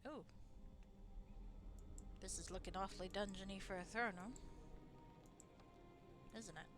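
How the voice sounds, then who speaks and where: A woman's voice: medium pitch, measured pace. A woman giving casual, wry commentary while playing a computer role-playing game, thinking aloud as she goes. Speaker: streamer. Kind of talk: casual let's-play commentary. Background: game music.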